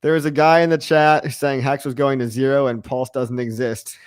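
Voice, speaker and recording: Hyped up guy streaming crypto to his chat, mid pitch, dry close mic. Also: moderate pace, clean tone, no room sound. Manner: excitable, brash, mocking haters, repeats lines. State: out of breath. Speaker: crypto livestream host. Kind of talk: live-stream chat reacting to viewers.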